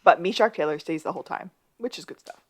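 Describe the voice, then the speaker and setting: A woman with a somewhat low voice co-hosts a casual podcast. She recaps a TV episode in relaxed, chatty talk, slipping in dry asides. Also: fast. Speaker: podcast co-host.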